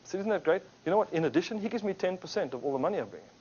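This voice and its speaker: A man's voice: high-pitched, racing, husky. A man giving an anecdotal business talk to a group, acting out the people in his stories. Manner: animated storyteller, acts out quotes. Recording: dull lo-fi recording.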